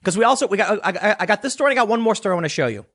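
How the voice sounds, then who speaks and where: A man's voice: high-pitched, expressive, very fast, fairly bright tone. A man ranting as a political commentator, sarcastic, dismissive and blunt. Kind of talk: casual opinion rant.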